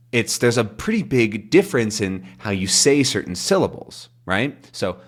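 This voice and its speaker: Lively young male English teacher. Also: mid-range voice, moderate pace. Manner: lively, demonstrates stress by chanting syllables. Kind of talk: casual explanatory lesson.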